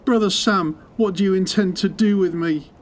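A woman's voice: mid-range voice, moderate pace, lightly acted. A woman voicing a frightened aristocratic admiral held prisoner, pleading desperately. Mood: anxious.

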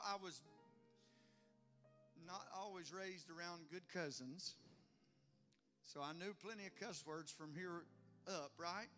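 A man preaching a sermon, animated and laughing often, who acts out quoted voices and builds to loud, exclamatory praise. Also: high-pitched, a little slow, long pauses, soft background music.

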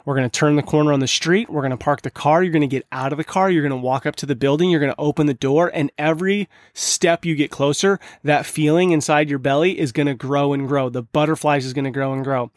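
Earnest higher-voiced man telling a story. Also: fairly even intonation, fast talker, hardly any pauses, no room sound, studio quality. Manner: earnest, conversational, with frequent restarts. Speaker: podcast host. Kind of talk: casual storytelling monologue.

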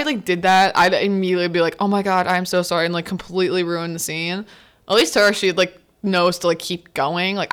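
A young woman on a student podcast recaps a film in a relaxed, chatty way, laughing and performing the characters' lines. She has a lowish, smooth voice with a touch of brightness.

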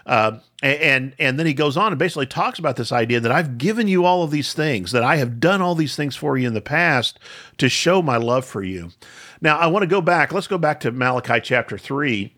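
A man of middle pitch who teaches scripture in a relaxed, conversational way. He circles back on his phrases and slows down to stress the key ideas. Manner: thoughtful, with frequent restarts and slow emphasis. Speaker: podcast host and Bible teacher.

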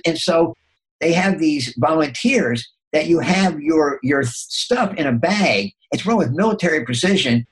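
An older man, a consultant and podcast guest, telling motivational stories in a lively way, often restarting and repeating words. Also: measured pace, low-quality recording. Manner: animated, acts out inner dialogue with jumps in pitch. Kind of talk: motivational storytelling.

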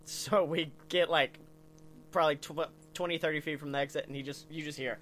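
A man, co-hosting a podcast and telling funny stories in an animated, swearing, laughing way. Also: on the high side, brisk. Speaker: podcast co-host. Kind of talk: casual comedic storytelling.

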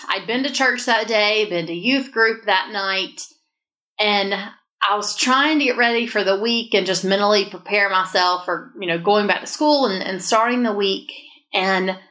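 A woman's voice: mid-range voice, a bit bright. A woman sharing a personal faith story in an earnest, emotional way, as a guest in a conversation.

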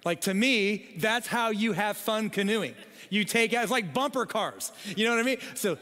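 Middle-aged pastor, high tenor-ish male voice, comic storyteller in a sermon, reverberant hall. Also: moderate pace, a bit bright. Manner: humorous storytelling with frequent "okay?" asides.

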